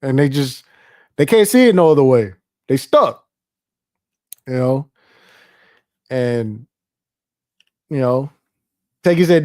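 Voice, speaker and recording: A man hosting a live stream, talking in a casual, animated, profane and rambling way. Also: medium pitch, slow, long pauses, no room sound, studio quality. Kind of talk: casual livestream commentary.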